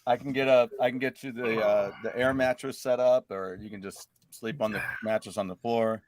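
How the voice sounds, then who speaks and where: A man hosting a casual live show, joking around and laughing loudly with his guests. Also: medium pitch, fairly even intonation, moderate pace, a crowd in the background. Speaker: host.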